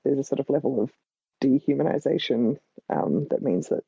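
A woman's voice: a bass voice, expressive, brisk, creaky, mellow, husky, dry recording. An Australian woman, a guest writer, chatting casually in a rambling, hesitant way full of ums, on a dull lo-fi recording. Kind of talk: casual chat. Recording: dull lo-fi sound.

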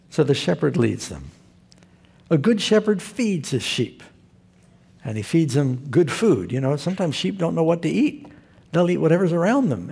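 Folksy male preacher, gravelly, husky. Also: a little high, darkish tone. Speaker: pastor. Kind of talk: sermon.

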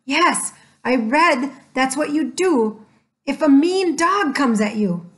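A cautious, bookish young boy from a storybook, as a woman reader puts him on. He sounds anxious and a little bossy, with a raised pitch and a slow, careful pace. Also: animated, a bit bright, full character voice. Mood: worried. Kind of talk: storybook reading.

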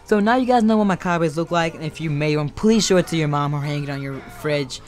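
A man's voice: a little high, fast talker. A young man telling a storytime and drawing a tutorial in a casual, joking, rambling way. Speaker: YouTuber.

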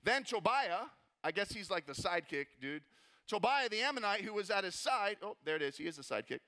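A young man preaching a lively, jokey sermon as a pastor, repeating words and acting out voices as he goes. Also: high-pitched, a little fast. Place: church auditorium.

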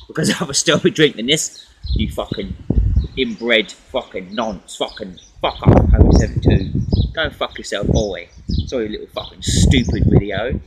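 A man recording a rambling, profane vlog outdoors in a snowy garden, coughing often as he gives shout-outs. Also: on the low side. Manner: profane, rambling, swears constantly. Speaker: vlogger. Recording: loud wind noise outdoors.

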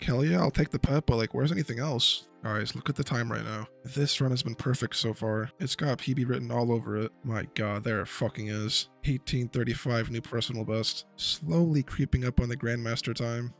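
A young man doing a casual voice-over commentary on his game progress, excitable and swearing when hyped. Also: mid-range voice, vocal fry. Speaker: gaming video creator.

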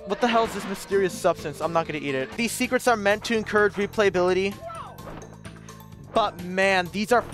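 A man's voice: high voice, fairly quick, a bit bright. Young man ranting over game music. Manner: frustrated, profane ranting at the game. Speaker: let's play gamer. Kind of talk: live gameplay commentary.

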